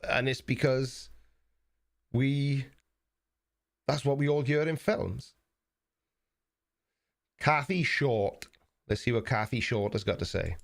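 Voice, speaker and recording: A man's voice: mid-range voice, slow pace, vocal fry, long pauses. Rambling man hosting a livestream. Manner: rambling, self-mocking, many fillers. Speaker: livestream host. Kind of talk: casual livestream chat.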